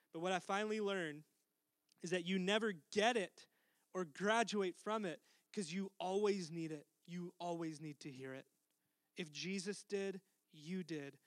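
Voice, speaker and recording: A middle-aged man preaching a sermon as pastor, earnest, dropping to a soft hush for tender lines. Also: high-pitched, unhurried, no echo.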